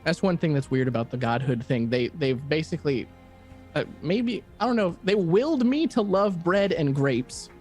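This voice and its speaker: A chatty male god in duck form, played by a man, rattling on fast and casual like he's on the phone with an old boss. His voice sits a bit high for a man, and faint music plays underneath. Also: animated, darkish tone, lightly acted. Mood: rambling. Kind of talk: in-character tabletop role-play.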